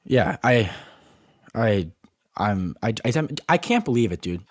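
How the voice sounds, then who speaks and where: A young man co-hosting a sports podcast in a fairly low voice. He keeps restarting his sentences and tripping over words. The sound is dry and close. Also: big pitch swings, slow, no echo. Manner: stumbling restarts, breathless disbelief. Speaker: podcast co-host. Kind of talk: excited sports podcast chat.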